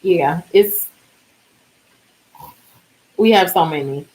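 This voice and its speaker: A woman's voice: lowish voice, drawn-out words, a little mellow, low-quality recording. Tired, rambling woman vlogger. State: exhausted, yawning. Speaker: DIY vlogger. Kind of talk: casual chat.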